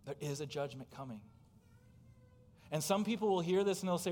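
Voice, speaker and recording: Fairly high and a little mellow, this pastor's voice moves fairly quickly over slight background noise. He preaches with emphasis and poses direct questions to the congregation, his words ringing with the long reverb of a church sanctuary.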